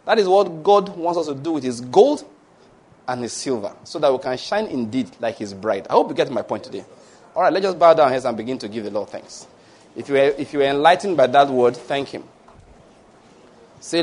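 A man preaching a sermon and leading prayer, animated and often laughing as he acts out little dialogues, then pronouncing blessings line by line for the congregation to answer. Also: medium pitch, a little fast, slightly rough. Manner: call-and-response blessings. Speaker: pastor.

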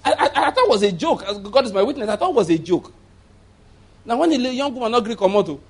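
A man's voice: very high voice, very animated, fast talker, gravelly, husky. A man preaching a conversational sermon as pastor, rambling through asides and chuckling often.

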